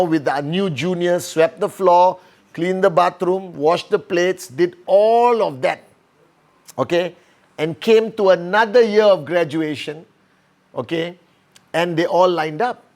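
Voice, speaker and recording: A man's voice: high voice, takes it slowly. A man giving a motivational training lesson by telling a story, often checking in with "all right?" and "okay".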